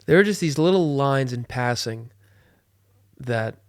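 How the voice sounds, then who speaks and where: A young man from the US East Coast, a guest on a podcast, chatting casually and doing voices in his anecdotes. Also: medium pitch. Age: young adult. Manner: quick, lively, does voices in anecdotes. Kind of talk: casual chat.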